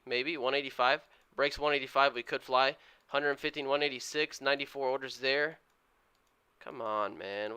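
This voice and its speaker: A man livestreams his day trading, giving viewers an eager running play-by-play and urging the price moves on. His medium-pitched voice is pushed, bright, and smooth.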